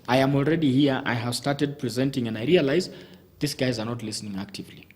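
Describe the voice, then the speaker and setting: As a guest in the studio, this communication coach speaks quickly in a mid-range, somewhat mellow voice. He's methodical, sorts his advice into numbered points, and restarts frequently.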